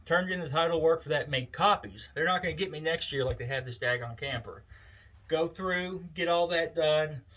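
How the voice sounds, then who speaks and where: A man's voice: fairly high pitch, moderate pace, a bit bright, low-quality recording. Chatty man telling a story. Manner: chatty, wry, folksy. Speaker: vlogger. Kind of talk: casual storytelling.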